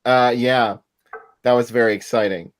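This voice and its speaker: Laid-back man co-hosting a chat podcast, relaxed and easy. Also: mid-range voice, moderate pace. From Pittsburgh. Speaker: podcast co-host. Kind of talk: casual chat.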